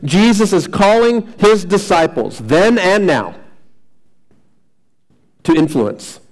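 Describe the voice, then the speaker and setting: A middle-aged male pastor preaching earnestly, circling back to repeat his points and restarting phrases as he goes. His voice sits a little high for a man. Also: animated, slow pace, poor audio. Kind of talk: sermon.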